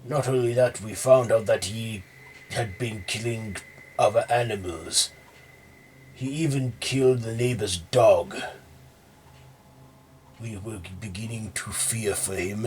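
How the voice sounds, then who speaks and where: A man's voice: fairly low pitch, measured pace, fairly bright tone, slight background noise. A man voicing a worried, agitated middle-aged father speaking with a raised voice.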